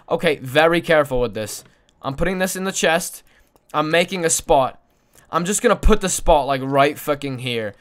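A young man live-streaming a game, mumbling to himself and his chat, swearing often and breaking into loud excited shouts. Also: fairly high pitch, normal speed. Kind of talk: casual gaming livestream chat.

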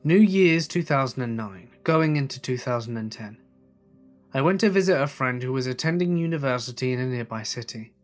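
Male horror narrator, measured delivery, slows down for the creepy bits, mid-pitched. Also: lively intonation, soft background music.

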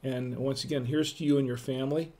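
A man's voice: mid-range voice, steady tone, brisk, warm tone. A middle-aged man hosting a casual live-stream wine tasting, chatting with viewers in the chat and greeting them by name.

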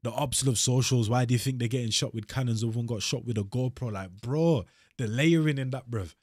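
A man hosting a music reaction, talking in slangy, animated bursts of surprise. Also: mid-range voice, a little fast, no echo, clean studio sound. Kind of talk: excited music reaction commentary.

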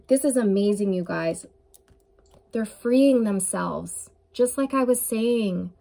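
An earnest woman in the middle of a tarot reading, her voice at a middle pitch for a woman. She speaks straight to the viewer, intuitive and heartfelt, as if passing on messages she senses. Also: gravelly, warm tone. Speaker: tarot reader.

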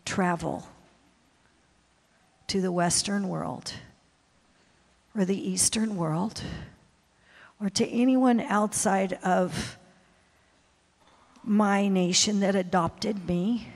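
A woman missionary preacher telling a confessional story in a sermon, swinging from hushed to loud. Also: medium pitch, drawn-out words, vocal fry, long pauses. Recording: long hall reverb.

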